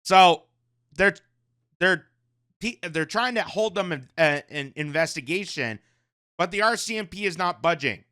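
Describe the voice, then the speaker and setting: A man with a fairly high, bright, smooth voice delivers casual news commentary. He keeps a sarcastic edge and slips into mocking voices of the people he criticizes. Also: expressive, a little slow, pauses often. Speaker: commentary host.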